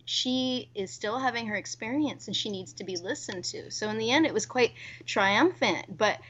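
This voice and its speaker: A woman's voice: on the high side, normal speed, fairly bright tone, slight background noise. A woman who works at births, telling a story about a mother in casual chat. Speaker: birth worker. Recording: dull lo-fi recording.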